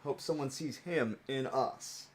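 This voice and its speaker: A man's voice: mid-range voice, unhurried. A young man chatting casually on a stream while opening trading cards, rambling and playful and laughing often.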